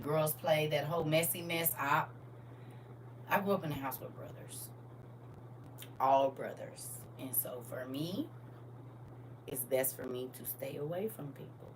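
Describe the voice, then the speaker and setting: A middle-aged woman hosting a live stream, telling blunt stories in casual talk. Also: low-pitched. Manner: blunt, storytelling, scolding. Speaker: TikTok live host. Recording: distant from mic with faint noise.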